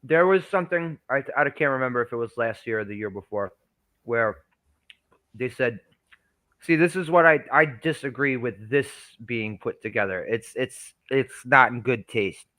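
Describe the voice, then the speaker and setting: A man's voice: mid-range voice, normal speed, pushed and bright, no echo. A man chatting casually and giving blunt, opinionated takes, swearing as he goes. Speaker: podcast co-host. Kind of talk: casual chat.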